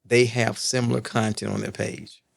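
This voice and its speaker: Man, middle-aged, earnest storytelling, emphatic repeats, gravelly. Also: lowish voice, little pitch movement, normal speed. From Texas. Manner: earnest storyteller, emphatic repetition, asks "right?". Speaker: podcast guest. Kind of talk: casual podcast conversation.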